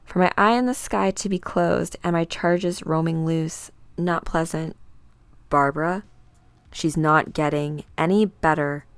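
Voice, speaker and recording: A woman voicing a calm, commanding woman coordinator who speaks in a measured, controlled way. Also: low-pitched, clean tone, no echo.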